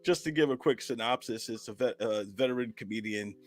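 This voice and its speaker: A man's voice: mid-range voice, a little fast, no echo. A man, a filmmaker and comedian, telling a rambling anecdotal story in casual chat over a video call.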